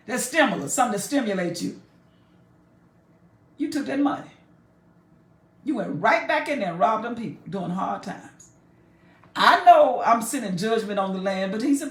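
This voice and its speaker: A woman's voice: mid-range voice, expressive, moderate pace, long pauses. Woman preaching scripture, punchy and down-home, sounds far from the mic, roomy echo. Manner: emphatic, folksy, talks straight to the listener. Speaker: Bible teacher. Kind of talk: preaching Bible exposition. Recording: echoey room, mic far off.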